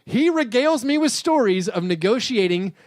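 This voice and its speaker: A man's voice: extremely high pitch, expressive, normal speed, darkish tone, dry recording, studio quality. A man in his thirties, co-hosting a podcast, telling a rambling story full of fillers and restarts. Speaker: podcast co-host. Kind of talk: casual chat.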